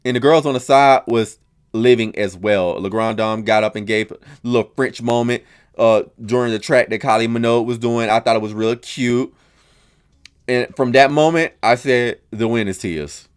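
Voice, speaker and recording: A man's voice: medium pitch, moderate pace, smooth. A man hosting a casual reaction podcast, dramatic and gossipy, full of slang, gasps and exclamations. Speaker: podcast host reviewing a TV show.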